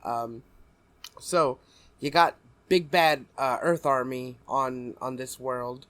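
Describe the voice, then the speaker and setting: A man's voice: medium pitch, steady tone, takes it slowly, fairly bright tone. A young man co-hosting a podcast, rambling and laughing through casual chat. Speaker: podcast co-host.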